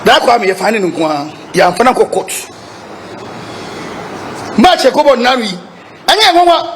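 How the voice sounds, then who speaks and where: A Ghanaian man with a strikingly high voice makes an emphatic statement for fellow football supporters. He switches between Twi and English and repeats his points, with faint noise behind him. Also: sing-song, fairly quick. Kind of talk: press statement to reporters.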